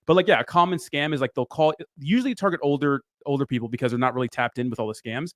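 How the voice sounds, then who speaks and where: A man co-hosting a casual talk show, agreeable and quick to chime in. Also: medium pitch, fairly bright tone, no room sound, studio quality. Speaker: co-host. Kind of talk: casual podcast chat.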